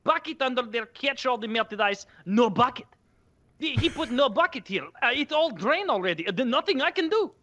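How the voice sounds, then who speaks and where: A man's voice: very high voice, expressive, normal speed, pushed and bright, dull audio, pitched above the performer's own voice, exaggerated voice. A man putting on a burly Eastern European repairman who talks in agitated, broken English with a put-on accent. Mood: alarmed, scolding. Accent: Eastern European, imitated.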